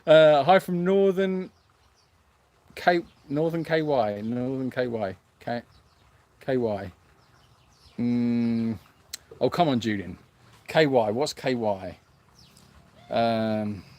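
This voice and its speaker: A man's voice: medium pitch, slow, long pauses, darkish tone. A man hosting a sanctuary livestream, reading viewer comments aloud in a hesitant, self-mocking way with lots of fillers. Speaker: animal sanctuary host.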